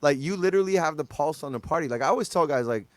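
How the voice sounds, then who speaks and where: A man's voice: on the high side, rapid-fire, dry recording. Man telling club stories, dry sound. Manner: animated, loose slang with many fillers. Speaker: DJ guest. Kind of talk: casual podcast storytelling.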